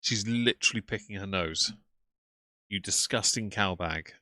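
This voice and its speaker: A man's voice: lowish voice, a little slow, sharp tone, no echo, studio quality. A man hosting a livestream, commenting on clips with sarcastic, mocking asides. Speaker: commentary streamer.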